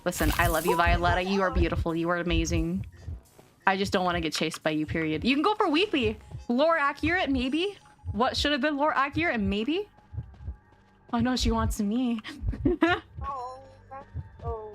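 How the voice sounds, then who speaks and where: Giggly, lively woman streamer chatting. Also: medium pitch, moderate pace, pauses often, music in the background. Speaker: VTuber streamer. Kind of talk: casual live game-stream chatter.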